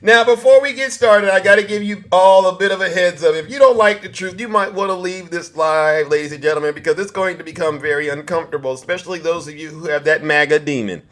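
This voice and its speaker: A man with a high voice hosts a social media livestream. He boasts theatrically, chuckles often and stops to greet viewers by name. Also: fast talker, hardly any pauses, a bit bright. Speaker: livestream host. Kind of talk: TikTok live commentary.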